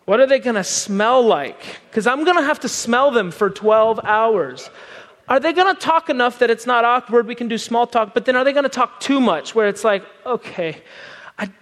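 A man with a high voice preaching on a microphone, spinning an animated, self-deprecating story. His words carry the long reverb of a large hall. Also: moderate pace. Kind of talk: sermon storytelling. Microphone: wearing a microphone.

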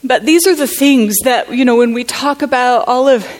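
A woman from the United States speaking at a conference, telling a personal story in an earnest, halting, reflective way. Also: high voice, a little mellow. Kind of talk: personal testimony talk.

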